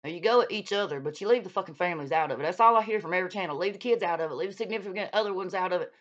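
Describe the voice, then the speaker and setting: A woman's voice: lowish voice, rapid-fire. A woman, ranting on her channel in a blunt, profane, scolding way. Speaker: YouTube vlogger calling out another creator. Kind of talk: heated casual rant. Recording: dull lo-fi sound.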